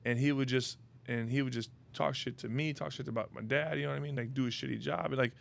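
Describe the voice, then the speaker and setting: Gravelly-voiced man rambling through a story. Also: medium pitch, steady tone, fast talker. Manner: rambling, frequent "you know what I mean", casual swearing. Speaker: podcast host. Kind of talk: casual chat, personal storytelling.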